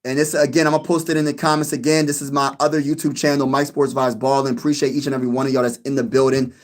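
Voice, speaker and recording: A man's voice: mid-range voice, level tone, fast talker. A man hosting his own sports channel, talking casually to his viewers, repeating himself and laughing at his own jokes. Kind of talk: casual sports vlog chat.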